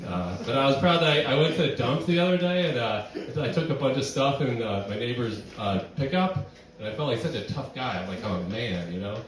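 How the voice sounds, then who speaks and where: A man's voice: mid-range voice, animated, fairly quick, slight background noise. A young man from New York City doing a rambling, self-deprecating stand-up set, full of fillers and restarts, at a live venue. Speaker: stand-up comedian. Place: barn venue with live audience. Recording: echoey room, distant mic, audience.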